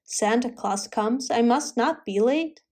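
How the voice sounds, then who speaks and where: A woman's voice: a little high, slow pace, a little mellow. A woman chanting as kindly old Mother Bear. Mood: sing-song. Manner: sing-song rhyming chant.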